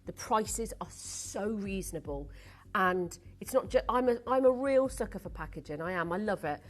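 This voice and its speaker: A woman presenting on a live shopping channel, gushing and excitable as she sells jewellery and home goods from a studio. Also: medium pitch, moderate pace. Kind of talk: live selling pitch.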